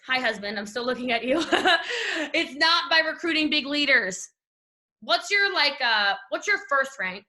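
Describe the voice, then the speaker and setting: Brief: high-pitched Southern woman, bright tone, gushing team-leadership pep talk from home. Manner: animated, gushing, talks straight to listeners. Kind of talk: energetic motivational talk on a call. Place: at home desk. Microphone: video call.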